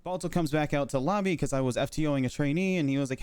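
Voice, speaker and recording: Halting man with a smooth, dry voice. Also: a little high, a little mellow, no room sound. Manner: halting, filler-heavy recounting. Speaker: roleplay medic giving a statement. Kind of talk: in-character recounting of events.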